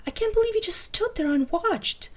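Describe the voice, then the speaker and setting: A woman's voice: very high-pitched, lively intonation, normal speed, pitched above the performer's own voice. A woman voicing a sarcastic female FBI agent who cuts into the story drily. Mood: dry.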